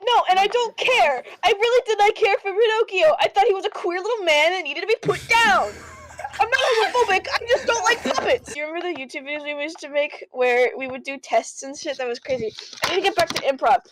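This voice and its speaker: Sleep-deprived young woman streamer, high voice, crude giddy improv. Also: fast talker, noisy background. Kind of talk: casual chat while gaming.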